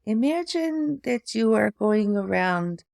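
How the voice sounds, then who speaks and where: Slow halting woman, Eastern European-sounding accent. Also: fairly high pitch, lively intonation, vocal fry, a little mellow, no room sound, clean studio sound. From Hamilton, Ontario, Canada. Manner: halting, slow, many pauses and fillers. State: speech affected by aphasia after a stroke. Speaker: memoir vlogger, former priest. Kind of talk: personal reflective talk to camera.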